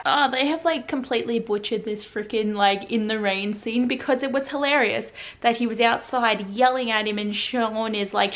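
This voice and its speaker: Chatty young woman, slightly high voice. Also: fairly quick. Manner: chatty, full of "like" fillers, excited asides. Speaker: book vlogger. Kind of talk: casual reaction vlog. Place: at home in pajamas.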